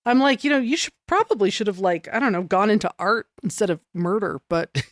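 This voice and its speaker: A woman's voice: medium pitch, brisk, dry recording. A woman co-hosting a podcast, chatting casually and joking dryly about a comic book. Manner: dry, joking, talks over her co-host. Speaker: podcast co-host.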